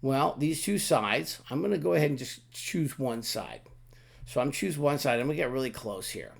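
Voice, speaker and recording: A man teaching a software tutorial, talking casually through each click with frequent restarts and asides. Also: medium pitch, lively intonation, normal speed, gravelly. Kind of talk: screen-recorded software walkthrough.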